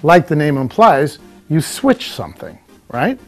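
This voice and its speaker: A man teaching comedy technique in a measured, explanatory, scripted way. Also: on the high side, very animated, soft background music. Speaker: comedy instructor. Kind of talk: scripted instructional talk.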